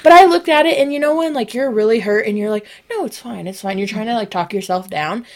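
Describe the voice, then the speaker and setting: Young woman, podcast co-host, casual comic storytelling, lively, slightly high voice. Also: quick pace. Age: young adult. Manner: animated, acts out quoted voices. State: sick, sniffing and coughing.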